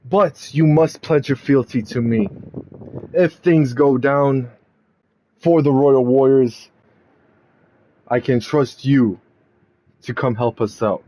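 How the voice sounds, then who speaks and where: A man voicing a domineering male wrestling stable leader who calls himself king, speaking slowly and with command in a dark, mellow voice. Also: medium pitch, low-quality recording.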